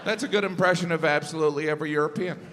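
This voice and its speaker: A man doing a stand-up comedy set, telling stories deadpan with sudden high exasperated bursts. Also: rapid-fire, background noise. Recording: live hall with audience laughter. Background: crowd laughter and room ambience.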